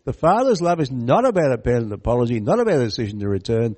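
An animated man preaching a sermon, his pitch swinging widely as he stresses points. He is emphatic, keeps throwing questions at his listeners and stops to comment on the passage. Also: very fast. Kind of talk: sermon on a Bible parable.

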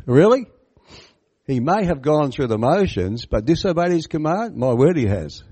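Animated male preacher giving a sermon. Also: a little high, moderate pace, husky. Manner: animated, emphatic, asks the listeners questions and comments on the text. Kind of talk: sermon on a Bible parable.

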